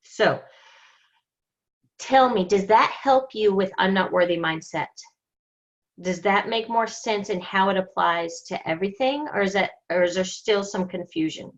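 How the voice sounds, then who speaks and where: A woman leading a group coaching session, talking in an emphatic, energetic, motivational way. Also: medium pitch, unhurried, dull audio. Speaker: book study group leader.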